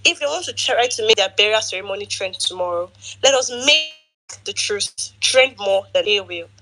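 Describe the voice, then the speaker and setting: Woman rallying listeners, bright voice. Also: medium pitch, expressive, brisk, poor audio. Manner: urgent, rallying, repeats phrases for emphasis. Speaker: speaker in an online audio space. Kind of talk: impassioned political address.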